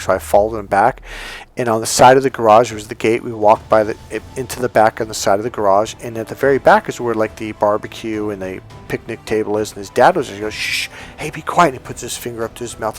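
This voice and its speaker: A man's voice: lowish voice, quick pace, faint music behind. A man who works as a dating coach tells a story in a casual monologue, emphatic and repeating key words.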